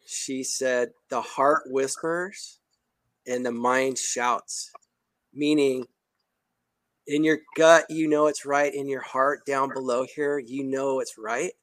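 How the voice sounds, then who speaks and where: A man hosting a podcast, talking in a casual, emphatic and excitable way with slang. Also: medium pitch, slow pace, no room sound. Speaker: podcast host.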